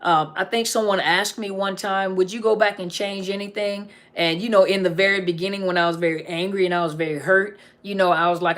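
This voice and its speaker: A woman's voice: medium pitch, fairly even intonation, fairly quick, few pauses. A middle-aged woman counselor on a casual live stream, reading viewer comments aloud and answering them, often repeating key phrases for emphasis.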